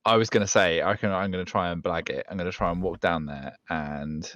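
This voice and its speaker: A man playing a tabletop game, rambling excitedly as he explains his character's moves. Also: deep voice, brisk, no echo, muffled recording. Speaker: player. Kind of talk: casual tabletop game chat.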